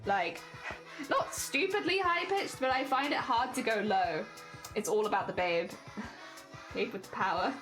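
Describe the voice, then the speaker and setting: Woman streamer, high-pitched voice, chatty and self-deprecating, faint music underneath. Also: expressive, unhurried. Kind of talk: casual live-stream chat.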